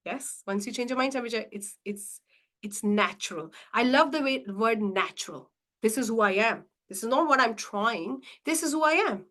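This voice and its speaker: Female mindset coach, live session, emphatic and questioning, slightly higher voice. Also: normal speed. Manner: animated, challenging rhetorical questions; acts out inner voices dramatically.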